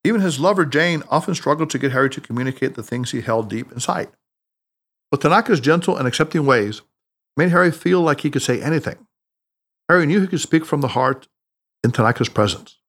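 A man narrating an audiobook in a scripted, expressive storytelling way. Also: mid-range voice, fairly quick.

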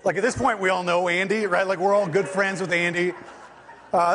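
A man gives a sermon in a loose, chatty storytelling style, acting out the people in his story as he goes. His voice sits a little high and has a husky edge. A long church reverb trails behind each phrase. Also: moderate pace. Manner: conversational, animated storytelling with quoted voices. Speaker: pastor. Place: church sanctuary.

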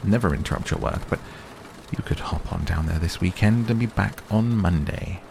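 A man's voice: low voice, normal speed, gravelly, background noise. A man doing a cheery, pushy old tycoon. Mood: persistent. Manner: pushy, talks over others, distracted. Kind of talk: audiobook character reading.

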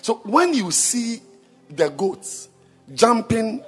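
A man preaching a sermon to a congregation, firing rhetorical questions at them, quizzing them and breaking into shouts and sing-song emphasis. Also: very high-pitched, big pitch swings, takes it slowly, faint music behind. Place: church with congregation.

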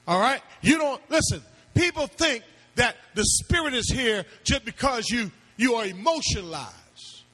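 Emphatic high-voiced preaching man. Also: sharp tone, slightly rough. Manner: emphatic preaching, call-and-response questions, sings out some phrases. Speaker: pastor. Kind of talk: sermon. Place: church before a congregation.

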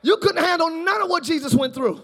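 Male pastor, very high voice, live church sermon, shouts and jokes. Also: brisk. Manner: animated preaching, often shouting, playful asides. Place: large church, live service.

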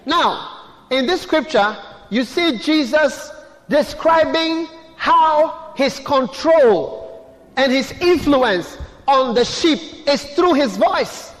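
A man's voice: extremely high pitch, lively intonation, slow pace. A man preaching a sermon as pastor, putting questions to the congregation and repeating key words. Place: church hall. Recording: long echo of a large hall.

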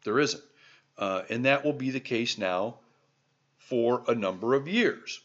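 A man from the American heartland hosts a podcast in a pressing, exhorting tone, hammering listeners with rhetorical questions. His voice sits at an ordinary middle pitch. The recording sounds a little dull and lo-fi. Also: measured pace. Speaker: podcast host. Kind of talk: motivational podcast monologue.

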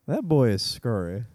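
A man co-hosting a podcast in loose comedic banter, laughing often between jokes. His voice sits at a middle pitch and the recording is dry and close. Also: a little mellow, no echo. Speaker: podcast co-host.

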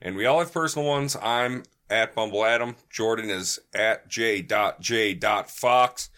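A man's voice: on the low side, unhurried, bright, forceful tone, clear, resonant tone. A man hosting a casual podcast, laid-back and jokey, swearing freely as he chats with friends. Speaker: podcast host.

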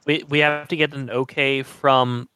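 A man playing a tabletop role-playing game, speaking in a hurried, flustered way. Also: mid-range voice, little pitch movement, sharp tone, smooth, no echo. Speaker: player. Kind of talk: tabletop play.

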